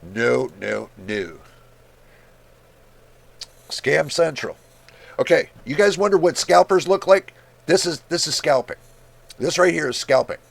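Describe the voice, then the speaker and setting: A man's voice: fairly high pitch, expressive, a little slow, gravelly, pauses often, no echo. A man in a casual, exasperated rant as a tech video host, blunt and incredulous, swearing freely. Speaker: tech YouTuber. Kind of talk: casual screen-share rant.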